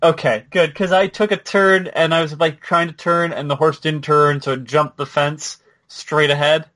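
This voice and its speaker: A man co-hosting a podcast, chatting casually and quickly about a video game with many asides. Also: fairly high pitch, level tone, fairly bright tone. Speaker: podcast co-host.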